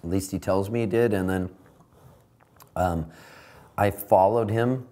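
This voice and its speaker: A man, a singer-songwriter, telling a rambling, animated backstage story in a casual interview. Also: sits low, measured pace. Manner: rambling, animated anecdote with laughs. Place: backstage at a tavern venue.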